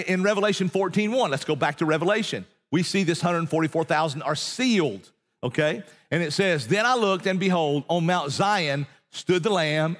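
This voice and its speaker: A man's voice: sits high, in a large hall. A man preaching a sermon as pastor, conversational and emphatic, often asking his listeners rhetorical questions.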